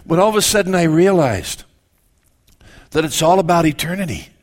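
Older guy pastor preaching, kinda high voice, chatty asides, corrects himself a lot. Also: lively intonation, moderate pace. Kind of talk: sermon.

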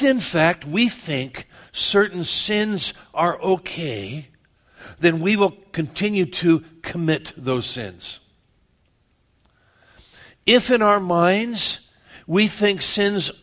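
A man delivering a sermon with a slightly high-pitched voice. He talks conversationally and keeps questioning and teasing his listeners. He uses a relaxed, personal preaching manner. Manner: conversational, asks the congregation questions, joking. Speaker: pastor.

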